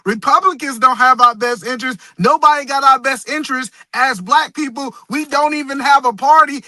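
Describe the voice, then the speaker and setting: A man co-hosting a morning talk show, loud and insistent in a heated debate, talking over the other speaker. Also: very high-pitched, no echo.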